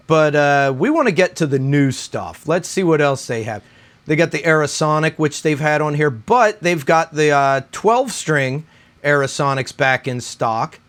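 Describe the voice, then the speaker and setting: In a casual guitar vlog, a middle-aged YouTuber speaks at medium pitch with a slightly bright tone. Still a bit breathless from running, he wanders from point to point, constantly asking "right?"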